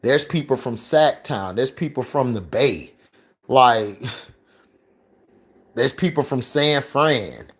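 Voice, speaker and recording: Man, mid pitch, unhurried, salty and chuckling, off-the-cuff monologue. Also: big pitch swings. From St. Petersburg, Florida. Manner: loose and profane, laughs between remarks. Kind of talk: casual monologue.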